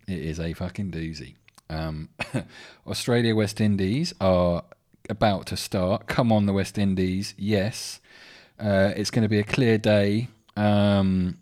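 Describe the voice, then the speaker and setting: Very deep-voiced sweary English man. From England. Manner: sweary, rambling, irritable. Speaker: podcast host. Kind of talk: casual solo podcast rant.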